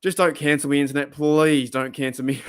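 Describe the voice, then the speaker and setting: A man's voice: on the high side, smooth. A man with an Australian accent hosting a casual live stream, rambling, repeating himself and laughing often.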